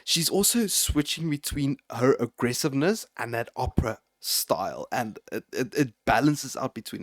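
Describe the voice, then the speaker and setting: A man's voice: medium pitch, no echo, studio quality. A man, a metal vocalist, giving casual, effusive reaction commentary that keeps sliding into being overwhelmed. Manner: effusive and emotional, repeatedly overwhelmed. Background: faint music playing.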